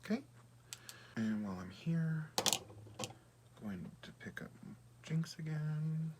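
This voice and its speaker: A man chatting casually through a makeup tutorial, often dropping to a soft half-whisper while he works. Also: on the high side, very animated, slow pace, long pauses, background noise. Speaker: beauty vlogger.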